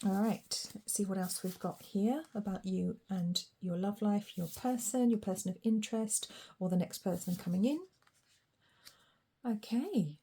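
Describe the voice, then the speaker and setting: Posh English woman, mellow voice, chatty rambling tarot reader. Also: medium pitch, measured pace, slightly rough. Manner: chatty, rambling, warm asides with fillers and soft laughs. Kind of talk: casual spoken tarot reading.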